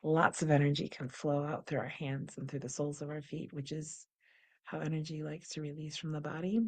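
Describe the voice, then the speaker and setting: A woman hosting a guided wellness practice, calm and unhurried, describing her body sensations as she goes. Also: low voice. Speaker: host leading a guided practice.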